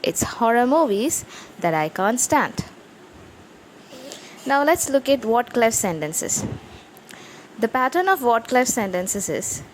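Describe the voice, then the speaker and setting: Woman giving a grammar lesson, kinda high voice, slow and careful, bit of hiss behind. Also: low-quality recording. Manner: slow, careful, reads example sentences aloud. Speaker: grammar teacher.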